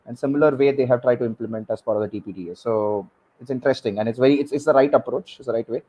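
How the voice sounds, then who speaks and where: A man, speaking as a guest expert on a panel, halting and repeating words with many fillers. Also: medium pitch, mellow, husky, poor audio. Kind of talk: panel discussion.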